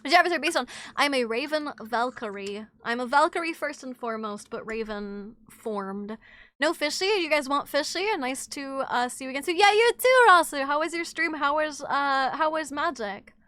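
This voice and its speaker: A woman streamer chatting playfully with her viewers and greeting them by name, sick and low on energy. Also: normal speed, a bit bright, no room sound. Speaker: VTuber streamer. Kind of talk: casual live-stream chat.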